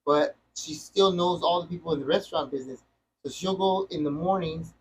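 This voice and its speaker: A man's voice: a little high, a little fast, a little hiss or hum, rough recording. A middle-aged man hosting a podcast, telling a story in casual chat and rambling with many restarts. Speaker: podcast host.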